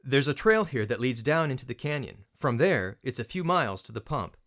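A man voicing a gruff, weathered middle-aged father who speaks in brusque, terse lines. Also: mid-range voice, sing-song, brisk, a bit bright. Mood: steady.

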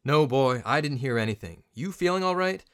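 A man voicing a gruff, weathered middle-aged father who speaks in brusque, terse lines. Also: medium pitch, lively intonation, fairly quick, fairly bright tone, lightly acted.

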